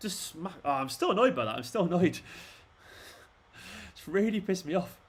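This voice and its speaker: With a high voice that swings widely in pitch at a moderate pace, this young man commentates live on a football watchalong for his fan channel. He rants at the players on screen and curses frequently.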